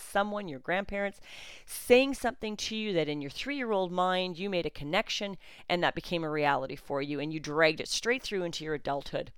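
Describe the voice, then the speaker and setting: Blunt woman, smooth low voice. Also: dry recording. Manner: blunt, outspoken; sarcastic at times. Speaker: podcast host and coach. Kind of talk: solo podcast monologue.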